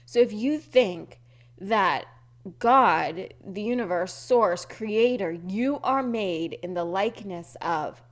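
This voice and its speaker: A spiritual podcast host talks unscripted in a mid-range voice, fighting a throat tickle. She searches for words, often restarts, and repeats earnest affirmations.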